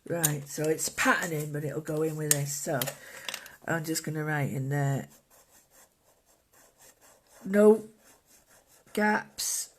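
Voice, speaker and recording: An art instructor giving a calm, gentle, casual drawing and painting tutorial, thinking aloud while working at a desk indoors. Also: mid-range voice, slow, pauses often, a little hiss or hum.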